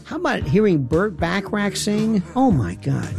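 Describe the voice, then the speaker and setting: A male radio talk host with a high voice and a gravelly edge, running a late-night call-in show. He moves easily between callers and sign-offs in a folksy manner. Faint music plays behind him. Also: sing-song, normal speed, a little mellow.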